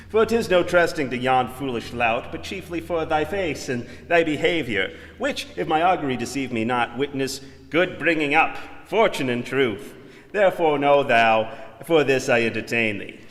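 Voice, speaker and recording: A man's voice: on the high side, fairly bright tone. A man playing a young nobleman who gives formal orders to a page, in amateur Shakespeare acting. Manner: formal, commanding verse delivery. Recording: long reverberant echo.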